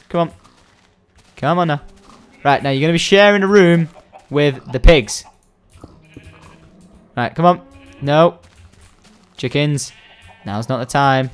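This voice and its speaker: A young man giving excitable, rambling let's-play commentary, coaxing and shouting at the game. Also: fairly high pitch, measured pace, pauses often, clear, resonant tone, faint music behind. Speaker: gaming video host.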